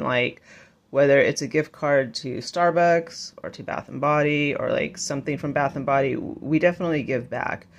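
Bubbly woman gushing over a haul. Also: low-pitched. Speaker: haul vlogger. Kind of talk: casual haul vlog chat.

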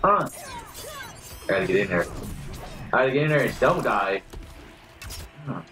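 A man giving excitable, swearing live commentary while playing a fighting game, reacting loudly to every move. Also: mid-range voice, normal speed, soft background music. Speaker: gamer.

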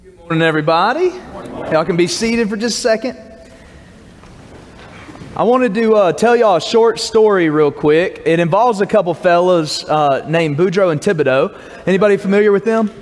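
Man, pastor, folksy casual delivery, high voice, long hall reverb. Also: moderate pace, a little hiss or hum. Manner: folksy, casual storytelling with filler words. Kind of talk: sermon with a joke and announcements. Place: church sanctuary.

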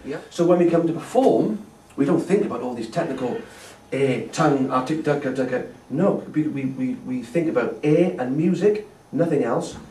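A man's voice: medium pitch, lively intonation, moderate pace, few pauses, mellow, slight background noise. A man teaching a brass masterclass, patiently explaining and demonstrating tonguing syllables. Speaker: brass instructor. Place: festival hall. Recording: echoey hall from a distance.

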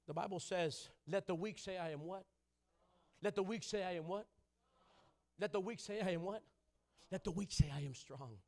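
A man preaching a sermon in a church, calling out to the congregation and rising into loud shouting. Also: sits high. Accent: Southern California. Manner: call-and-response preaching, building to loud shouting. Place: church sanctuary.

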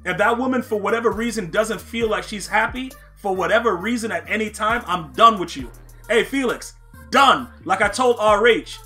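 A man with a high, sharply bright voice gives live commentary over his own football gameplay. He trash-talks, answers his viewers, and bursts into shouts when a play goes wrong. Faint music plays underneath. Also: moderate pace. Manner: chats with viewers while playing. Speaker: gaming streamer.

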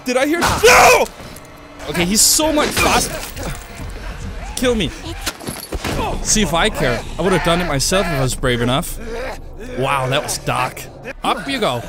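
A man commentating a horror game, jumpy and joking, screaming and swearing at every scare. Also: high-pitched. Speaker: gamer. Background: game music.

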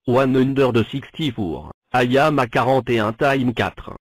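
Cartoon number block, male voice, mid pitch, dry, flat. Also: measured pace, no room sound, natural voice. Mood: plain. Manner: flat self-introductions. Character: cheerful talking number block.

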